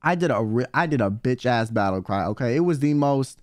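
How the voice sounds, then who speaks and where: A man telling an animated, slang-filled story in casual chat, swearing freely and acting out what people said. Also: medium pitch, a little fast, no echo, clean studio sound. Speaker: streamer guest telling a story.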